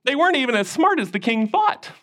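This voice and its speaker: A man giving a children's sermon, telling a Bible story with animated call-and-response to the kids. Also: very high voice, quick pace. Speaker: children's minister.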